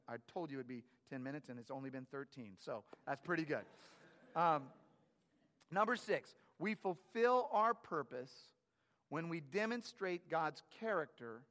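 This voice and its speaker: Energetic pastor with a long hall echo. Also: male voice, on the high side. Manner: energetic, repeats himself with restarts. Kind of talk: sermon. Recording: long church hall reverb.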